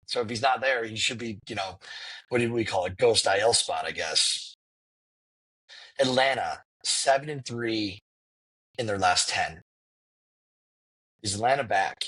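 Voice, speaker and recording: Running the agenda of a casual sports podcast, a man jumps quickly from topic to topic as host. His voice is on the low side, husky, pushed and bright, and the audio is poor.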